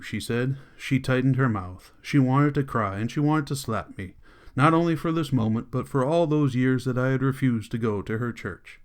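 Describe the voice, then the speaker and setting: A man narrating a novel as an audiobook in a calm, steady storytelling voice. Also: medium pitch, moderate pace, clean tone.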